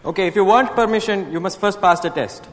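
A man's voice: sits high, fast talker, natural voice. A man putting on an Indian accent to play a stern, officious male doctor in a stage comedy sketch. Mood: mock-stern. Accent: put-on Indian. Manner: stern, mock-officious, laughing at himself. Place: live stage. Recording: echoey hall, live stage.

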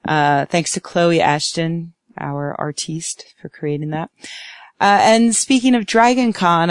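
A woman's voice: low-pitched, clean tone, no room sound. Chatty woman podcast co-host, dry sound. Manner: chatty, plugging events with quick asides. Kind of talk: casual panel chat and announcements.

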